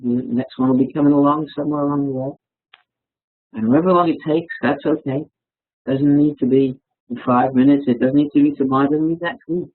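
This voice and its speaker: Casting note: man on a webinar, halting, self-deprecating, husky, tinny call audio. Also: a little high, steady tone. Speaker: webinar speaker. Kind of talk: casual reflective talk. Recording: tinny phone-like webinar line.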